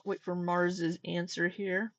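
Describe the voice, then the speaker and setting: A woman's voice: on the low side, level tone, takes it slowly, a bit bright, no echo. A woman hosting a casual livestream, talking candidly, swearing now and then and getting exasperated. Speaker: livestream commentary host.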